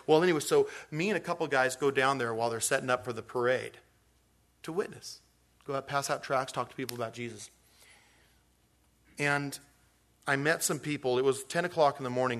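A man's voice: mid-range voice, fairly even intonation, moderate pace, a bit bright. A man preaching a sermon in a folksy, rambling way, full of restarts and stories. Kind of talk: storytelling sermon.

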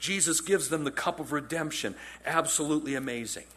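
A man preaching a sermon in a conversational, animated storytelling way, often repeating phrases for emphasis. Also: a little high, brisk, slight background noise. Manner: animated storytelling, acts out quotes in character. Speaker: pastor.

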